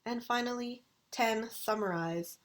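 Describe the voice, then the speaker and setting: Slow, careful woman lecturer. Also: a little high. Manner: slow, deliberate enunciation of vocabulary. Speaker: university English lecturer. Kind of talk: recorded video lecture.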